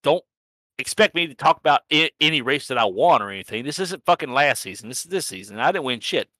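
A man's voice: medium pitch, expressive, fast, pushed and bright, no echo. A man recapping a sim racing season in a casual, rambling chat, swearing freely and laughing at himself. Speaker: sim racing league organizer and podcast host.

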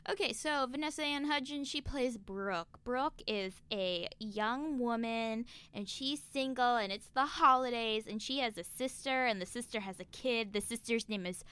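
Woman, casual movie chat, jokey, slightly high voice, crisp tone. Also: fairly bright tone, no room sound. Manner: chatty, jokey, quick asides.

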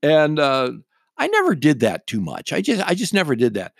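A man's voice: on the high side, wildly swooping pitch, normal speed, creaky, no echo, studio quality. A middle-aged man, a radio talk show host, telling a story casually in a blunt, wry and irreverent way.

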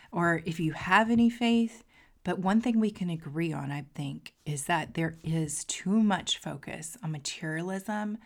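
A woman hosting a podcast as a coach, talking to listeners in an earnest, heartfelt way and sometimes dropping to a soft near-whisper. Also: lowish voice. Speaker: podcast host and marketing coach. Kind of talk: casual podcast monologue.

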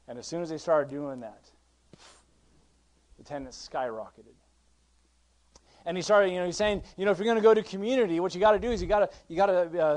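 Male pastor, fairly high voice, sermon delivery that swings from quiet asides to strong emphasis. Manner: conversational, with frequent restarts and swings from quiet to emphatic; reads scripture in King James wording.

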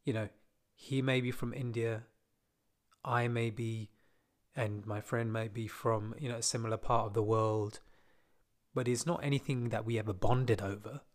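A man recounts a memory in a relaxed, conversational monologue. His pitch sits in an ordinary middle range, and he drops in wry, self-deprecating asides as he talks. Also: moderate pace. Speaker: podcaster telling a personal story. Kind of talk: casual storytelling monologue.

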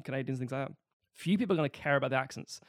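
A man's voice: medium pitch, very fast, dry recording, clean studio sound. A man co-hosting a casual film podcast, chatty and wry as he reviews films.

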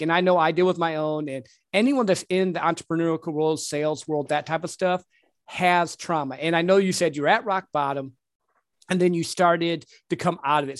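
A man's voice: a little high, no room sound, clean studio sound. A man hosting a casual podcast interview, affirming his guest and asking reflective questions. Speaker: podcast host, sales professional.

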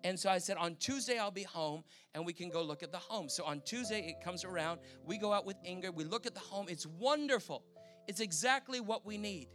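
A high-pitched Canadian man gives a sermon testimony, telling the story with animated energy and acting out the voices of people he quotes. Music plays clearly under his voice throughout. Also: brisk. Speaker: preacher.

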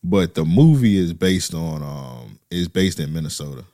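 A man with a low voice talks in loose, slangy banter, his pitch swinging widely as he reacts. The sound is dry and close, with no room around it. It is a relaxed, casual chat. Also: moderate pace, creaky, no room sound. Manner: loose, laid-back banter with heavy slang.

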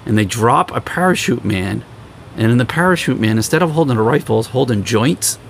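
A young man hosting a podcast, telling road stories in a casual, animated way and acting out other people's lines. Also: a little fast, gravelly, slight background noise. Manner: animated storyteller, acts out quoted people in higher voices. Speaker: podcast host. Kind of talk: casual storytelling chat.

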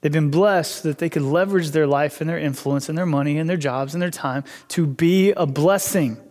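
A man's voice: on the high side, brisk, a little mellow. A young adult male pastor preaching a casual, conversational sermon, acting out inner dialogues with God, in a church hall.

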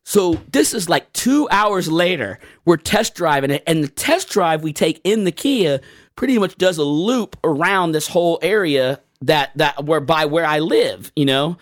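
A man's voice: fairly high pitch, lively intonation, unhurried, dry recording, studio quality. A man telling rambling stories in casual chat, cursing and laughing often.

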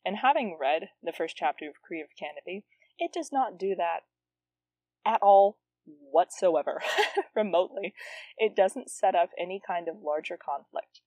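Brief: woman host, low-ish voice, casual self-deprecating commentary, dead-dry close mic. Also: normal speed, no room sound. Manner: self-mocking, laughing, lively asides. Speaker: podcast host reading her teen novel. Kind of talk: reading aloud and casual commentary.

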